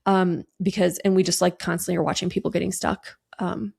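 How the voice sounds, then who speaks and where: A woman's voice: lowish voice, flat delivery, fairly quick, vocal fry, darkish tone, slightly rough. A woman in her thirties hosting a casual solo podcast, chatting breezily, swearing casually and acting out quoted conversations. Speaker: podcast host.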